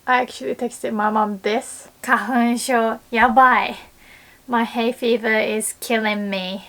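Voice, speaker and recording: A young woman with a Japanese accent gives a casual video lesson, her voice sitting a little high for a woman. She talks in an animated way and acts out small panicked exclamations as she goes. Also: unhurried. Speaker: Japanese language teacher.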